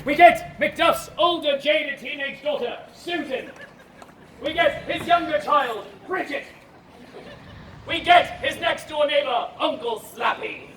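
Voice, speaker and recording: Man, very high voice, loud theatrical street performer, outdoor crowd and traffic noise. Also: animated, slow pace. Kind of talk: interactive comic storytelling with audience. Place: outdoor festival stage. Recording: echoey, distant, with crowd noise.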